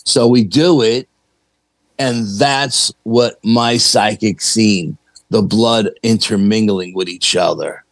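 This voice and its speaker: A man's voice: on the low side, fairly even intonation, slow pace, dry recording, low-quality recording. A middle-aged man, a paranormal investigator, telling a story in a chatty, anecdotal way and acting out the dialogue he quotes. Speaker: paranormal investigator, podcast guest. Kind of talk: casual storytelling.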